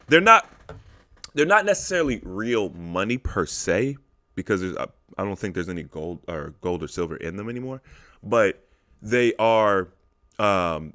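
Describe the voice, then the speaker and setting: A man's voice: on the low side, pushed and bright. A man co-hosting a podcast, explaining things at length in casual, emphatic chat. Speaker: podcast co-host.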